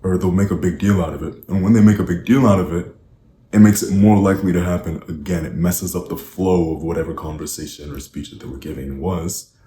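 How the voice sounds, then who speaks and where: A man's voice: deep voice, fairly quick, mellow. A man speaking as a coach, giving earnest, direct advice and putting rhetorical questions to the listener. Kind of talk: instructional advice talk. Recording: roomy echo, faint background noise.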